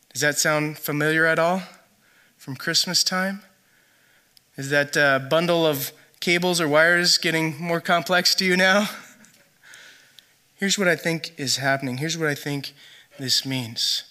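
Bright high-voiced male preacher. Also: unhurried. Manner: conversational preaching with animated quoted lines. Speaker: pastor. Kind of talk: sermon.

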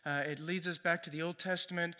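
Bright, high-voiced male preacher. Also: steady tone, fast. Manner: conversational storytelling, often asks "right?". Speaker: pastor. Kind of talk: sermon.

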